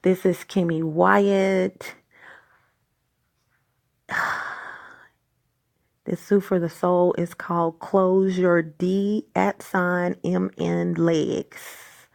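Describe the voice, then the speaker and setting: A woman's voice: lowish voice, level tone, drawn-out words, creaky, long pauses, darkish tone, dry recording, clean studio sound. A woman hosting her own video, delivering a heated, exasperated rant full of stammers and restarts. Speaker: vlog host. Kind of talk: angry personal rant.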